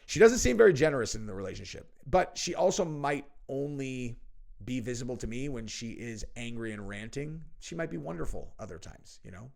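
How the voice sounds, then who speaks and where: A man's voice: medium pitch, animated, fairly quick, creaky, a little mellow. A young man riffs through crude political commentary in a brash, mocking tone, full of profanity and casual "dude"s. He sounds like a host talking straight to his regular viewers. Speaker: show host.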